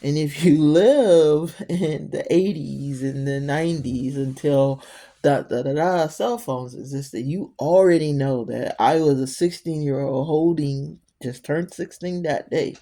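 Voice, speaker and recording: A middle-aged woman tells a personal story to her viewers. Her voice is mellow and warm, and she rambles conversationally, often breaking off to speak directly to the listener. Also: deep voice, measured pace. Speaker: storyteller vlogger.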